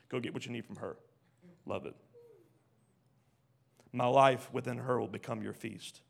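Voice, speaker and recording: Preaching in a medium-pitched voice with vocal fry, a pastor reads from scripture and questions his congregation. His delivery shifts back and forth from quiet lines to loud ones.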